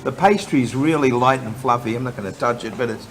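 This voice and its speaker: A man's voice: medium pitch, quick pace, a little hiss or hum. A man hosting a travel show, chatting and joking while he eats in a restaurant. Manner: jokey, chatty, talks while eating. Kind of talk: casual chat over a meal.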